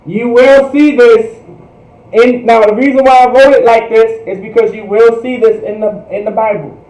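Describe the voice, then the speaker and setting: A man teaching a language class, drilling phrases slowly and repeating them, with casual asides. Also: extremely high pitch, fairly even intonation, a little mellow. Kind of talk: livestreamed language lesson. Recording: echoey, distant, dull lo-fi room sound.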